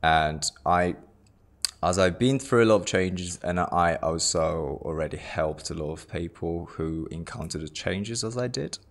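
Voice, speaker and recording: A man's voice: low-pitched, a little slow. A man in his twenties from Japan, a native Japanese speaker with a British-tinged English accent, chatting loosely about himself with repeated words and jokey asides. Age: 20s. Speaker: lifestylist introducing himself. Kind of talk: casual self-introduction talk.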